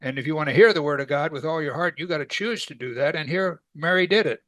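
A man's voice: fairly high pitch, fast, a bit bright, dry recording. A man teaching a weekly Bible study in a conversational way, asking his class rhetorical questions.

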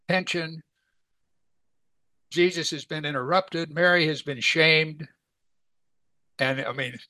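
A man's voice: a little high, bright, forceful tone, no room sound. A man teaching a weekly Bible study in a conversational way, asking his class rhetorical questions.

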